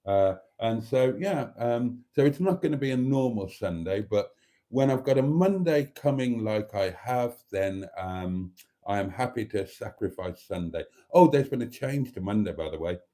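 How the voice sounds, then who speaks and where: A man's voice: on the low side, lively intonation, moderate pace, mellow. A man hosting his own channel, talking casually and ramblingly to his viewers in a camp, fond way, sitting at a table indoors. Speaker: channel host.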